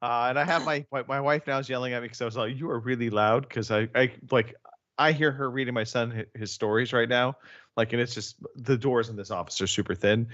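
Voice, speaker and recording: A man's voice: mid-range voice, steady tone, a bit bright, dull audio. A man co-hosting a podcast from his home office, talking casually with a joking, teasing manner. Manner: joking, teasing, quick asides. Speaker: podcast co-host. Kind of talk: casual chat.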